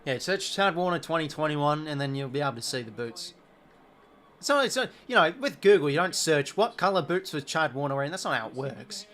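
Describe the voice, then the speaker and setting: A man's voice: fairly high pitch, animated, fairly quick, fairly bright tone. A young Australian man hosting a live sports watch-along, chatting casually and reacting to the play. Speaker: live stream host.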